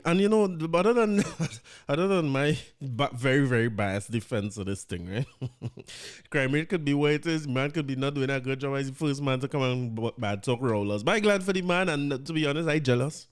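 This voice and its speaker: A man's voice: mid-range voice, brisk. A man with a Trinidadian accent, hosting a podcast in casual, chatty commentary with laughing, opinionated asides. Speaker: podcast host.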